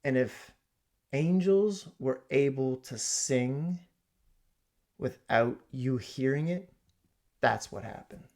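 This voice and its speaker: Gravelly-voiced man, mid-pitch, comedic rant, loud bursts and hushed asides. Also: takes it slowly, long pauses. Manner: animated storytelling, swinging from loud exclamations to hushed asides. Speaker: comedic ranter. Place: home basement.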